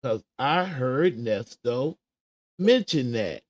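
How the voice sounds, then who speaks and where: A man's voice: mid-range voice, animated, slow pace, no echo. A man hosting a casual livestream commentary show, chattily talking himself through searching for a clip. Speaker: show host.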